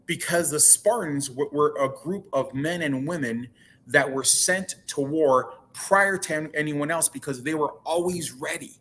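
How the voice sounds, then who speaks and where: A man's voice: a little high, a little slow, fairly bright tone. A man speaking as a guest in a casual interview, earnest and often repeating and restarting his words.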